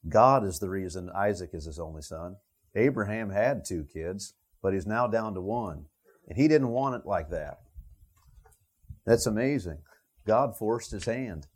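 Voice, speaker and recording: A man's voice: on the low side, animated, a little slow, slightly rough. A man preaching a Bible sermon, talking it through with the listeners in a conversational way. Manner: conversational, thinking aloud with the listeners. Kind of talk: expository sermon.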